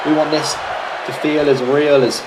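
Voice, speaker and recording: A man's voice: fairly high pitch, little pitch movement, moderate pace, a loud crowd, heavy background noise. A British man doing casual, rambling solo play-by-play commentary of a wrestling video game, swearing freely and drifting into jokey tangents.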